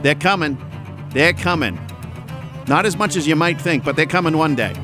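A man's voice: fairly high pitch, moderate pace, over music. A man delivering a rambling, sarcastic comedic monologue as host, drifting between tangents and mocking voices. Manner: sarcastic, rambling, mocks others in put-on voices.

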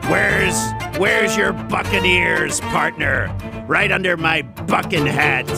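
A man putting on a gruff cartoonish pirate voice with growled pirate slang, over music. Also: on the high side, takes it slowly. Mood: hammy.

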